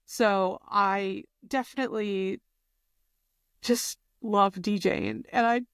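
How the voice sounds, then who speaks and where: Bubbly young woman with smooth voice. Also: mid-range voice, slow pace, no echo, clean studio sound. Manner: bubbly, expressive, lots of fillers. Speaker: podcast co-host. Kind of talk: casual chat.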